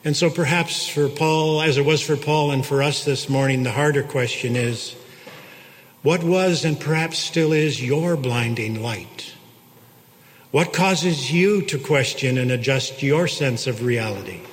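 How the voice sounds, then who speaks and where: A man preaching a sermon, slow and reflective, with long pauses between phrases. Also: mid-range voice. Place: church. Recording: long church reverb.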